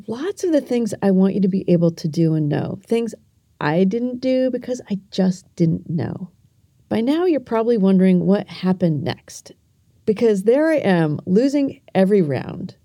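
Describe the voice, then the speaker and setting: Middle-aged woman host talking to kids, earnest and gentle, super mellow dark voice, dry close mic. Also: mid-range voice, dry recording. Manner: earnest, gentle, talks straight to the listener. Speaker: podcast host. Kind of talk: storytelling lesson for kids.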